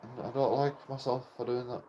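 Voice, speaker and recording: A man's voice: medium pitch, fairly even intonation, fairly quick, mellow, a little hiss or hum. A young man tells a personal story in a casual, rambling way. He swears constantly and breaks off with short laughs between phrases. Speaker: channel host telling a personal story.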